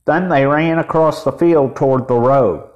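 A man reading a children's storybook aloud as narrator, in a measured way. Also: medium pitch, darkish tone, dull audio. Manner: measured, deliberate.

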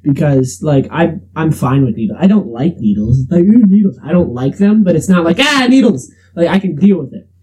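Young man, co-host, high husky voice, rambling joker. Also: animated, brisk, few pauses, warm tone, poor audio. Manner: rambling, jokey, lots of fillers. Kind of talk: casual chat, storytelling.

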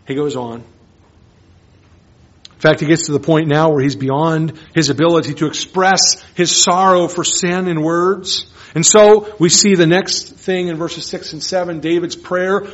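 A man preaching a sermon as pastor, earnest, moving between hushed and emphatic lines. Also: fairly high pitch, a little slow. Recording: dull lo-fi sermon recording.

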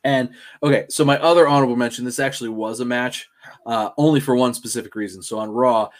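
Rambling excitable man on a podcast. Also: mid-range voice, fast talker. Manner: rambling, filler-heavy, excitable. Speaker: podcast co-host. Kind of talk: casual chat.

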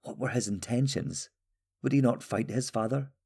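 A man reading a fantasy story aloud in a steady, even storytelling manner. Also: mid-range voice, moderate pace, slightly rough. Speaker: audiobook narrator. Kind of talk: scripted fantasy narration.

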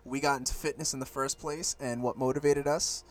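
A young man co-hosting a casual podcast from a home studio, laid-back and quick to laugh. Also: mid-range voice, fairly even intonation, a crowd in the background. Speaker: podcast co-host.

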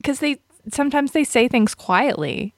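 A woman's voice: high voice, lively intonation, moderate pace, no room sound, clean studio sound. A woman hosting a podcast, chatting casually about a movie, rambling, laughing often and restarting her sentences. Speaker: radio and podcast host.

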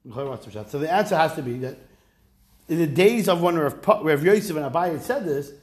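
A man teaching a relaxed Talmud class as a rabbi, reading Aramaic phrases and then explaining them in casual, wry asides. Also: on the high side, fairly quick.

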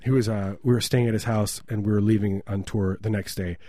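A man's voice: lowish voice, fairly even intonation, brisk, warm tone, dry recording, clean studio sound. A man co-hosting a comedy podcast, rambling through absurd jokes in casual banter. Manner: rambling absurd riffing, frequent laughs.

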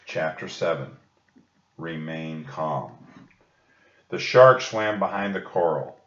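A man gently reading a children's book aloud, reassuring young listeners. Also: extremely low pitch, lively intonation, slow pace. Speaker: storybook reader. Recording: dull echoey room recording.

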